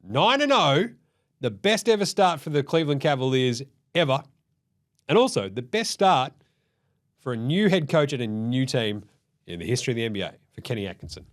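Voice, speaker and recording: Animated, foul-mouthed Australian man. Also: mid-range voice, normal speed. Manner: swears freely and acts out players' voices. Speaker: basketball recap show host. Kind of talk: casual profane game recap.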